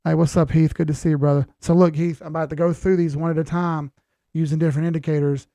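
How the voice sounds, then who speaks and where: A man's voice: on the high side, flat delivery, fast talker, warm tone, dry recording, studio quality. A man hosting a casual livestream, chatting in a laid-back way with many fillers and reading out viewer questions.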